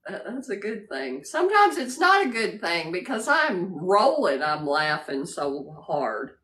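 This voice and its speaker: A woman's voice: medium pitch, very animated, a little slow, a bit bright. A woman hosting a casual livestream, greeting viewers by name and laughing often as she chats. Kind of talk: casual live chat.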